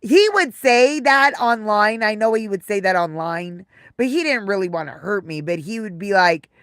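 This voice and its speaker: A woman's voice: medium pitch, a bit bright, no echo, clean studio sound. A woman live streamer telling casual stories to her viewers, rambling and repeating her phrases. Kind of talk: casual livestream storytelling.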